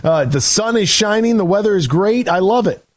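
A man's voice: sits high, expressive, moderate pace, dry recording. A man hosting a sports radio show in a casual, emphatic style, often restarting his sentences. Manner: conversational, emphatic, frequent restarts.

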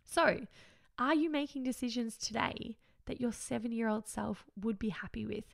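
A woman's voice: on the high side, normal speed, creaky. A woman, hosting a solo podcast in an earnest, upbeat, reflective way, often laughing. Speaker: podcast host.

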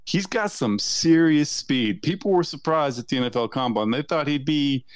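A man's voice: a little high, animated, moderate pace, clear, resonant tone, dry recording. A man discussing football draft picks as a podcast guest, confident and argumentative. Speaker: NFL editor, podcast guest. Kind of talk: sports analysis chat.

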